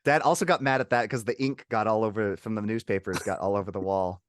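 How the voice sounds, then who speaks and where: A young man co-hosting a casual movie podcast, talking in a lively, self-deprecating way. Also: lowish voice, fast talker, dry recording, studio quality. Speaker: podcast co-host. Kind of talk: casual movie review chat.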